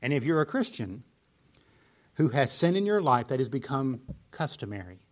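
A man's voice: medium pitch, very animated, moderate pace. A man preaching a sermon, explaining scripture earnestly and pressing points with emphatic repetition. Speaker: pastor.

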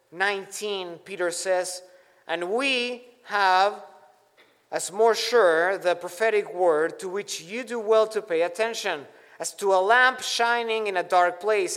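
A man with a high voice preaches slowly and deliberately, leaning hard on key words as he works through scripture. His voice rings out with a long reverb, as if in a large hall. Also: a bit bright, clean tone. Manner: deliberate, emphatic teaching with scripture quotes. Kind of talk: expository sermon.

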